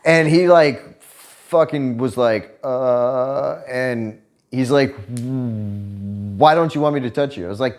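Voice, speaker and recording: Profane, animated man telling stories. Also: mid-range voice, slow. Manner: profane, animated storyteller who laughs while telling. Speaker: vlogger. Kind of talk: casual storytelling chat.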